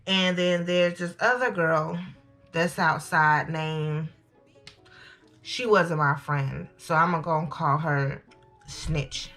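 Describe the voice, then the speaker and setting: A young woman, chatting to viewers as she tells a lively storytime. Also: deep voice, takes it slowly, soft background music. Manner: animated, chatty, addresses viewers as y'all. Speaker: storytime vlogger. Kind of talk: casual storytelling to camera.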